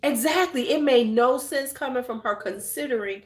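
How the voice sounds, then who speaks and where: A woman's voice: sits high, normal speed, reverberant. A woman hosting a casual live chat, telling stories bluntly with lots of swearing and answering viewers as she goes. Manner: blunt, profane, animated storyteller. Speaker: channel host.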